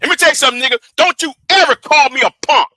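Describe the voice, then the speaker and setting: A man's voice: very high-pitched, racing, bright, forceful tone, dry recording, poor audio. A man on a livestream, angrily and profanely calling out a rival he speaks to directly. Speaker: live streamer. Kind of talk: confrontational livestream rant. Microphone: streaming setup.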